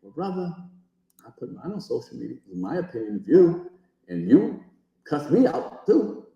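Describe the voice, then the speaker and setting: A man speaking as a comedian guest, calm and wry, calling the other man brother. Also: a little high, moderate pace, creaky, very echoey, muffled recording. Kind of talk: casual panel talk.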